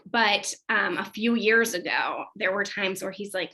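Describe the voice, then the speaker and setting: A woman's voice: medium pitch, normal speed, few pauses, sharp tone, low-quality recording. A woman in her thirties, a clinical psychologist, giving an informal parent workshop in a chatty, conversational way, with many fillers and restarts. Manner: chatty and conversational, with frequent fillers and self-corrections.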